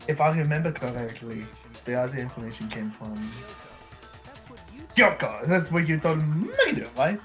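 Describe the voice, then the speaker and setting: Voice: medium pitch, expressive, normal speed, a bit bright, faint music behind, lightly acted. Haughty rich boy, read out by a player. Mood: cold. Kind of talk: reading a game aloud in character.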